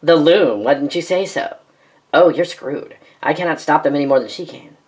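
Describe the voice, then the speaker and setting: Low-voiced woman performing a sci-fi fan drama. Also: a little mellow. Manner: quick-switching, sarcastic, melodramatic. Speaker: narrator and voice actor. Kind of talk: fan audio drama, reading many parts.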